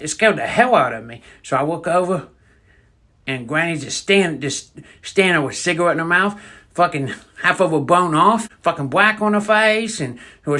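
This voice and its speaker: Crude rambling man telling a prank story. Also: fairly high pitch. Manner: crude, rambling, deadpan delivery. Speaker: comedic storyteller. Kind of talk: comedic monologue storytelling.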